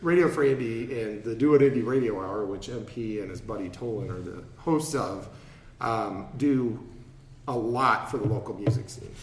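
A man's voice: on the low side, moderate pace, reverberant, far from the mic, a little hiss or hum, poor audio. A man hosting a casual radio chat, rambling and self-deprecating as he tells a story. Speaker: radio show host.

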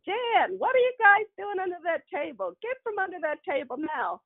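A woman's voice: extremely high pitch, big pitch swings, voice pushed up. A woman voicing a stern old grandmother with a Mississippi accent, scolding children and warning of a whooping. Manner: scolding, threatening, drawn-out warnings. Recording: tinny phone-like line.

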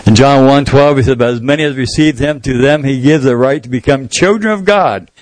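A man's voice: mid-range voice, fairly quick, no room sound, poor audio. A male pastor preaching a sermon, telling a story and acting out the people in it in different voices. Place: church sanctuary.

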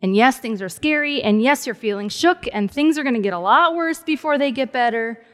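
A woman pastor preaching a sermon in a conversational way, dropping to soft, hushed tones for emphasis. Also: a little high, animated, brisk, in a large hall.

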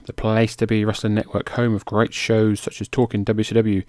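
A man hosts his podcast with a casual, chatty delivery and laughs at his own slips. His voice sits on the low side. The sound is dry, with no room around it. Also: completely flat delivery, moderate pace, darkish tone, no room sound. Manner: chatty, self-mocking, trips over names. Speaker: podcast host.

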